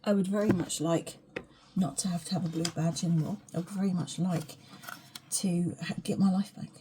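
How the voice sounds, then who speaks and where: A woman's voice: on the low side, steady tone, normal speed, noisy background. A woman chatting frankly at home in her kitchen, rambling and swearing and often dropping to a whisper. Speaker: vlogger. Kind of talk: rambling casual vlog chat.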